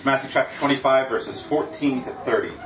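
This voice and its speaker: A man preaching a sermon from a distance in a roomy, echoing hall, his voice dulled and muffled. He reads scripture earnestly and leans into key words, over steady background noise. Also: mid-range voice, a little fast. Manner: earnest, reads scripture aloud with rising emphasis. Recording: far-off, echoey, dull, noisy room recording.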